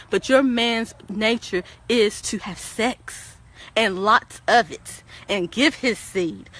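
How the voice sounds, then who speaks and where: A woman talking casually on a livestream, preachy and emphatic, speaking straight to her viewers and repeating words as she starts sentences. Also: mid-range voice. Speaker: guest on a livestream talk show. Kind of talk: casual opinionated livestream talk.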